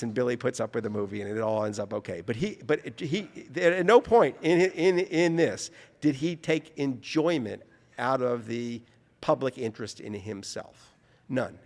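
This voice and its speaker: A man from New Orleans, an author telling an anecdote in conversation, lively and acting out the people he quotes. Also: fairly high pitch, big-room sound. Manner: animated, mimics voices in his anecdotes. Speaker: author guest. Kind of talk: conversational storytelling.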